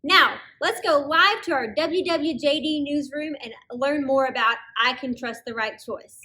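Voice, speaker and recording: A woman's voice: high-pitched, a little slow, sharp tone. A woman hosting an online kids' church lesson in an upbeat, encouraging way. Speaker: children's ministry host.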